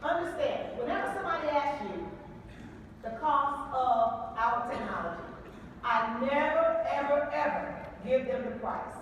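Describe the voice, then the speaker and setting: A high-voiced woman with a Southern accent preaches a sales pitch to a crowd, pressing the room for answers and hammering her points with repetition. She sounds distant from the mic, and her voice rings through a big echoing hall with a long tail. A faint hum of noise sits under it all. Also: expressive, unhurried. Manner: preachy, call-and-response, repeats phrases for emphasis. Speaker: sales trainer. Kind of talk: motivational sales talk to an audience. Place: large hall with an audience. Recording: echoey hall, voice from far off.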